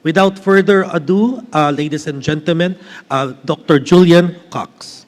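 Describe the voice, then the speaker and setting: High-pitched male host reading a speaker intro, halting, echoey hall. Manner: reads with hesitations and restarts. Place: large conference hall. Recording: long hall reverb.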